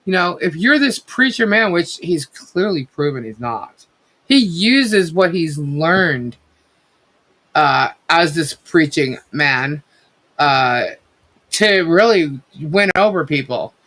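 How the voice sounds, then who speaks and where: A woman's voice: deep voice, expressive, takes it slowly, fairly bright tone. Woman co-host for a casual live chat stream; blunt, rambling delivery with plenty of swearing. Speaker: co-host of a livestream. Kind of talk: casual livestream commentary.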